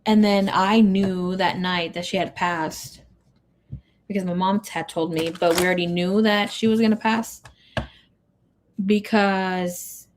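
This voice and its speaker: With a fairly low, fairly even voice at a measured pace, a tarot reader casually talks through a live stream, reading comments out loud and dropping Spanish into her English. Grief and emotion come through in her speech. A little hiss or hum sits under the audio.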